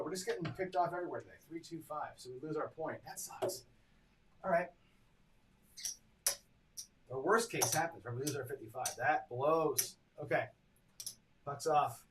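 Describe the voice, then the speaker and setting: A man's voice: medium pitch, slight background noise, rough recording. A man hosting a live craps stream, chatting casually as he calls each roll and totals up his bets for viewers. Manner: chatty, reads dice rolls and tallies bets aloud; talks to chat viewers directly. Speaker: craps strategy host.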